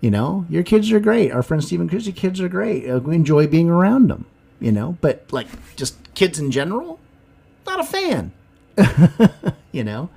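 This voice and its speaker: A man co-hosting a casual podcast. His pitch swings widely as he jokes and rambles through animated chat. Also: moderate pace, vocal fry, breathy edge. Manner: animated, jokey storytelling. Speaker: podcast co-host.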